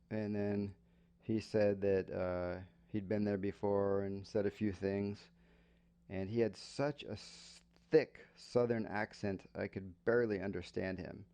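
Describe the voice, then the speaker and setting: Gravelly low-voiced American man telling a story. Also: unhurried. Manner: relaxed, explains slang for learners. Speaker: English podcast host. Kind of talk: casual storytelling lesson.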